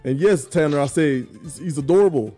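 Mellow man hosting a playful debate. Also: fairly high pitch, fairly quick, soft background music. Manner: teasing, playful, reads viewer comments. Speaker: podcast host reading chat. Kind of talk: casual sports debate.

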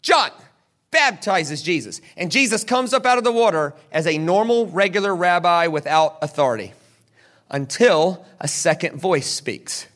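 A man preaching a teaching sermon in an animated way, coaxing his audience to repeat words along with him. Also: high-pitched, normal speed.

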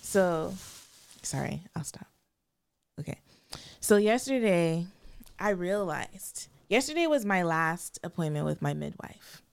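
A young woman with a low, gravelly voice talks in a casual podcast chat. She is emotional and hesitant, close to tears, and often searches for words. The sound is dry and close. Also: lively intonation, takes it slowly, dry recording. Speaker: podcast co-host.

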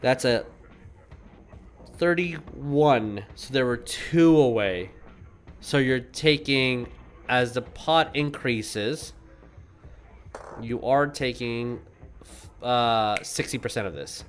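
A man's voice: mid-range voice, slow pace, pauses often, clear, resonant tone. A man running a tabletop game as game master, chatty and explaining rules as he makes them up.

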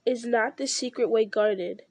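A woman's voice: a little high, measured pace, a little mellow, no room sound. A woman reading aloud and voicing a stern, earnest young man who speaks formally.

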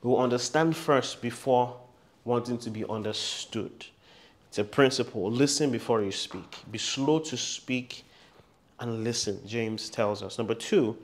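A man preaching a sermon as a pastor, emphatic and repetitive, with humorous storytelling asides. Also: medium pitch.

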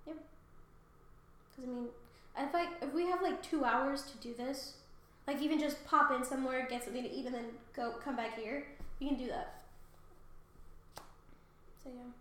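A woman's voice: high-pitched, fairly even intonation, moderate pace, long pauses, fairly bright tone. A young woman co-hosting a podcast, retelling a myth in rambling casual chat and swearing easily. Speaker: podcast co-host. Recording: echoey room.

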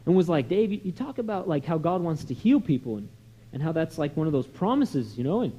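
A man preaching a sermon in a conversational, storytelling way, sliding from soft asides to loud, emphatic lines. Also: a little high, very animated, fairly quick, slightly rough. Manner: conversational storytelling with many "you know" and "right?" asides. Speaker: pastor.

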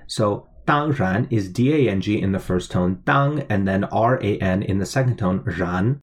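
A man's voice: fairly low pitch, normal speed. A man teaching a language lesson, explaining phrases word by word and spelling out their tones. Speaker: language teacher playing a waiter.

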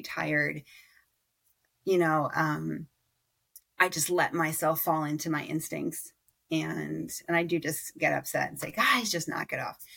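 Low, gravelly-voiced mother talking candidly. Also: fairly bright tone. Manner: candid and reflective, with frequent fillers and restarts. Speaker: podcast guest. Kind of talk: conversational interview.

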